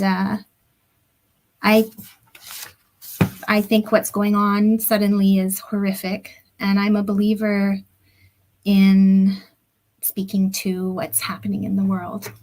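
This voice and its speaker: A middle-aged woman reads her poems aloud, taking her time over each line. Her pitch sits in an ordinary middle range. Now and then a phrase softens almost to a whisper, picked up by a computer mic on a video call. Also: rough recording. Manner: slow, deliberate reading that drops at times into soft, near-whispered phrases. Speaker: poet reading her own work. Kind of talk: poetry reading at a book launch. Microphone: computer or headset mic on a video call.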